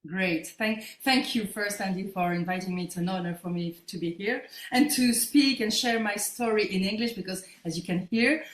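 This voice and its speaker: A woman in her fifties, a native French speaker with a French accent, telling her story as an interview guest in halting English while she searches for words. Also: mid-range voice. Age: 50s. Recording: roomy echo.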